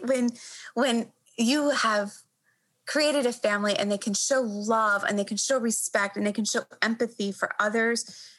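A woman doctor in her thirties answering an interview question reflectively, earnest and halting, often repeating words as she gathers her thoughts. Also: medium pitch, fairly bright tone, poor audio.

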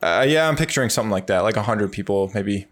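A man's voice: lowish voice, lively intonation, fast talker. Hesitant man thinking aloud. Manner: hesitant, repeats words while thinking. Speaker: podcast co-host. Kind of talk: casual book discussion.

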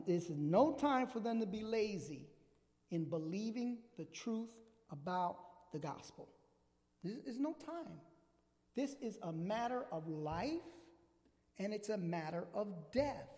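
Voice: medium pitch, darkish tone, in a large hall. A preacher giving a sermon with emphatic, repeated phrases, often checking in with listeners.

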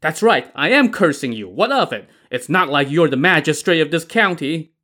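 A man voicing an old mother who shouts and curses back in defiance, raised well above his own voice. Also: fairly high pitch, expressive, normal speed, voice pushed up. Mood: angry, defiant. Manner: shouting, cursing.

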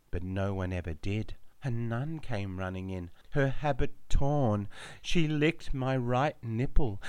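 Deadpan man reading slowly. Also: fairly low pitch, smooth, no room sound. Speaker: narrator. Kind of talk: scripted narration.

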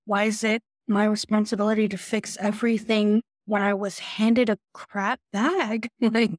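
A woman's voice: medium pitch, flat delivery, unhurried, dry recording, clean studio sound. A woman talking openly and confessionally about her own struggles on a recovery podcast. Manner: open, confessional. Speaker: podcast participant. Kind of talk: candid recovery chat.

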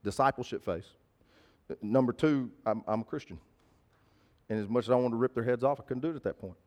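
A man's voice: medium pitch, a little fast, darkish tone. A man preaching a sermon, telling a personal story in a conversational, emphatic way and repeating key phrases. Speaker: pastor.

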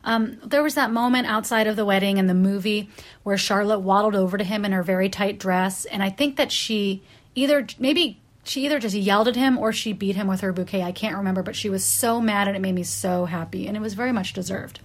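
A woman talks through her favorite and least favorite moments in a relaxed countdown. Her delivery is wry and chatty, with plenty of "um"s and quick self-corrections. Now and then she jumps into a short, lively impression of someone she is quoting. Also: medium pitch. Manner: acts out quoted characters in bursts. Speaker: pop culture commentator. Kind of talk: casual list countdown monologue.

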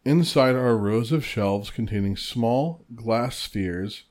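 A man co-hosting a podcast, reading a chapter summary aloud. His delivery is steady and matter-of-fact. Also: medium pitch, takes it slowly. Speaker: podcast co-host.

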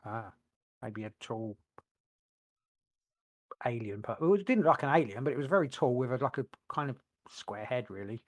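A man's voice: medium pitch, expressive, normal speed, long pauses. A man co-hosting a podcast, rambling and searching for words with many restarts. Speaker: podcast co-host. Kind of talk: casual chat.

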